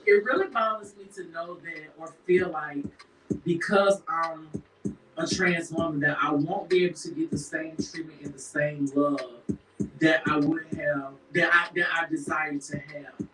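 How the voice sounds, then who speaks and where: A woman's voice: low voice, steady tone, a little slow, echoey room, distant mic, background noise. A woman cast member talking candidly and emotionally about her life, often acting out what others say. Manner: emphatic, emotional, quotes others in put-on voices. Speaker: reality show cast member. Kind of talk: candid confessional chat.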